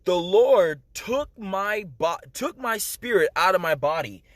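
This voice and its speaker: A man's voice: sits high, lively intonation, a little slow, no echo. A man urgently telling a personal testimony to the camera, emphatic, with many fillers and direct appeals to the listener. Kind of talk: emotional first-person storytelling.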